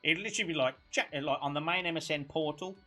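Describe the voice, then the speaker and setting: A man in his thirties with a Black Country accent, hosting a casual talk show and telling animated stories. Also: on the high side, fast talker, faint music behind. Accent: Black Country English. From Black Country, West Midlands, England. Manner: animated storyteller, mimics accents. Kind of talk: casual chat.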